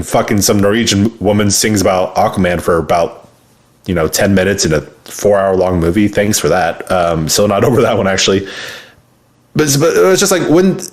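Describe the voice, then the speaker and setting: A young man in casual conversation, speaking in a fairly low voice and getting animated as he argues his opinions. He swears freely and jumps in with quick asides. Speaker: podcast co-host. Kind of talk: casual chat.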